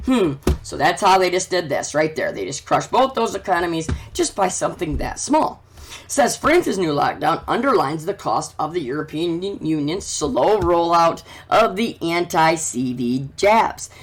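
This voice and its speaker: A man's voice: a little high, big pitch swings, measured pace, faint music behind. A man hosting a commentary vlog, reading news aloud and ranting about it in a fervent, preachy way that urges his listeners. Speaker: channel host.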